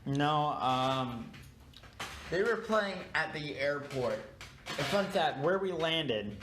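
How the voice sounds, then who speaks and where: A man's voice: on the high side, animated, slow pace, background noise. A young man co-hosting a podcast, sleep-deprived and yawning, telling a rambling story full of fillers and restarts in casual chat. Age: young adult. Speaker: podcast co-host.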